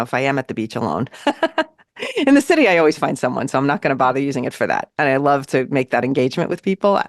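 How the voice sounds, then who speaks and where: A woman co-hosting a podcast in casual chat, telling a story in an animated way and acting out what people said. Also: low voice, no echo, studio quality. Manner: animated, acts out quoted lines. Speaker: podcast co-host. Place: New York City.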